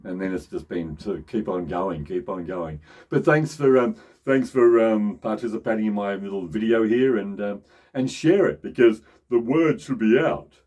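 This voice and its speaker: A middle-aged voice teacher with a fairly low, slightly mellow voice gives a casual lesson at a moderate pace on a lo-fi recording. He often restarts and repeats phrases, and he shifts into different voices to demonstrate.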